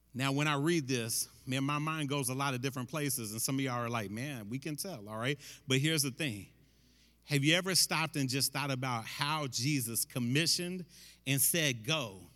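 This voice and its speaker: Bright emphatic preacher man in a reverberant hall. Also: fairly high pitch. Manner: conversational, emphatic, says "man" often. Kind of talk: sermon.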